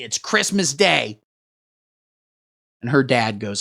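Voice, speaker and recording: A man's voice: a little high, a little slow. Crude, rambling male comedy streamer. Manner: rambling, crude deadpan riffing while reading chat. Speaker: livestream host. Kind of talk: satirical livestream comedy rant.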